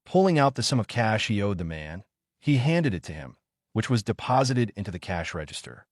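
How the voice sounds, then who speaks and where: A man reading a fan fiction story aloud as narrator, in an animated storytelling way. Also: fairly low pitch, a little fast, no echo, clean studio sound.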